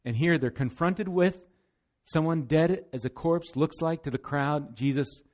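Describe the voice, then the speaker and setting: A man's voice: on the high side, measured pace, darkish tone. A man preaching a sermon as pastor, earnest and emphatic, often repeating words as he goes.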